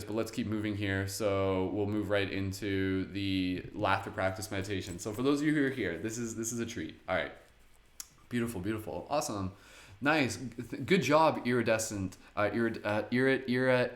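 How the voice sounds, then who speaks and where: A man hosting a live-streamed guided meditation in a casual, chatty way, laughing often. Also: fairly low pitch. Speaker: meditation host. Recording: echoey room.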